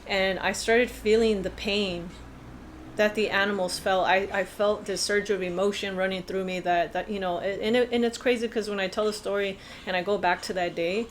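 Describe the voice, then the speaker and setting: A woman's voice: medium pitch, slight background noise. A woman vlogger telling a personal story in a casual, earnest, rambling way with many fillers.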